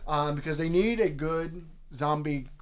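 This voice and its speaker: A man co-hosting a casual comedy chat, rambling with lots of fillers and restarts. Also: fairly high pitch. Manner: rambling, many fillers and restarts, puts on quick voices. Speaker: podcast co-host.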